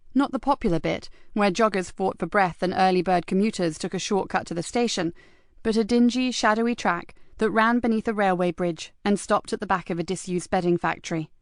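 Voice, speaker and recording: A woman reading a crime audiobook in a measured, even voice. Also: medium pitch, no room sound, clean studio sound. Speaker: audiobook narrator. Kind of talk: scripted narration.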